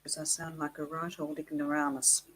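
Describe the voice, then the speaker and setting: Low-voiced Australian woman chatting casually. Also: flat delivery, moderate pace, a bit bright, a little hiss or hum, rough recording. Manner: chatty, self-deprecating. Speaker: co-host of a live chat stream. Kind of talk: casual live-stream chat.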